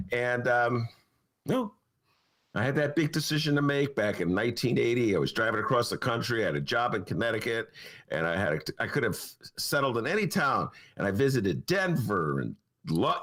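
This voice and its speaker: Animated, rambling older man. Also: mid-range voice, normal speed. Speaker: podcast host. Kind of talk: casual chat.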